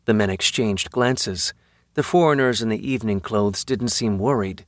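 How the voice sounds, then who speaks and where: A man reading a fantasy novel as an audiobook narrator, in an even, measured storytelling manner. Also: lowish voice, no room sound, clean studio sound. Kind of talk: scripted narration.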